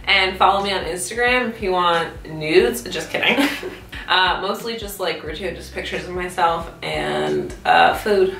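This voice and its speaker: A woman's voice: on the low side, very animated, a little slow, fairly bright tone. A young woman chatting casually in a vlog while eating, talking with her mouth full and swearing freely. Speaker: YouTube vlogger. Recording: roomy echo, mic at a distance.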